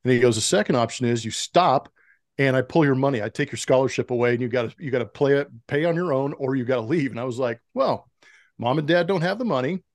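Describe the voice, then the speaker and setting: A fast-talking, middle-aged man with a medium-pitched voice spins stories as a podcast guest, animatedly acting out the dialogue he quotes. He used to play professional baseball, and the clean studio sound has no room noise.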